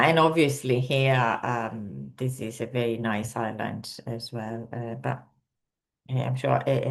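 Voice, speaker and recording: A woman teaching an online lesson, speaking hesitantly with many fillers and carefully pronouncing words. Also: a bass voice. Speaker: Italian teacher.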